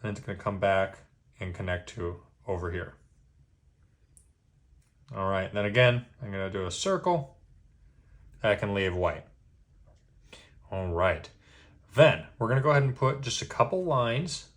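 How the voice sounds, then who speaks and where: A man's voice: lowish voice, lively intonation, unhurried, long pauses. Patient man teaching drawing step by step. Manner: patient, checks in with "okay?" after each step. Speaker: drawing instructor.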